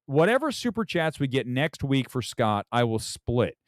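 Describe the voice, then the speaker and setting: A man hosting a casual movie talk livestream, loud, profane and rambling. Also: mid-range voice, very animated, moderate pace, no room sound, studio quality. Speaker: movie talk show host.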